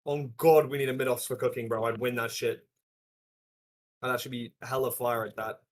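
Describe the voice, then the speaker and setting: A man's voice: mid-range voice, flat delivery, fairly quick, a bit bright. Young man, casual livestream cooking chat, slangy, swearing, home kitchen. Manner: rambling slangy chatter, swears, trails off mid-sentence. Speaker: streamer. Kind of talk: casual live-stream chat while cooking.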